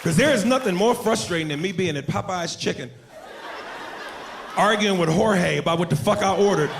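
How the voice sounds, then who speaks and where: A man doing brash, profane stand-up comedy on a club stage, loud and punchy. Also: high voice, normal speed, gravelly. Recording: live club recording with loud crowd and noise.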